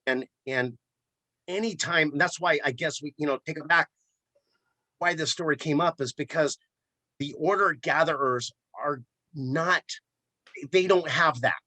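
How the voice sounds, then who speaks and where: A man who runs a flower shop, telling a story in a relaxed interview with plenty of repeated words. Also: on the high side, unhurried, long pauses, no echo. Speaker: florist and shop owner. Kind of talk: casual storytelling in a podcast interview.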